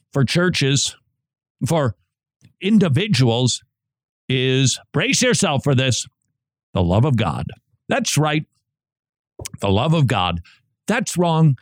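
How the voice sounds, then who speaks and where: Animated male talk radio host. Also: medium pitch, no room sound, studio quality. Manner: animated, jokey, acts out quoted chatter.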